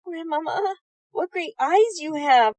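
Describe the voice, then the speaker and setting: A woman voicing an innocent little girl in a high, slow, wondering voice. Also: lively intonation, darkish tone, dry recording, full character voice.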